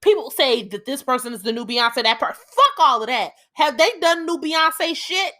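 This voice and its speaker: A woman's voice: high-pitched, expressive, normal speed, pushed and bright. A young woman hosting a solo podcast, ranting emphatically with lots of swearing and heated outbursts. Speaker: podcast host.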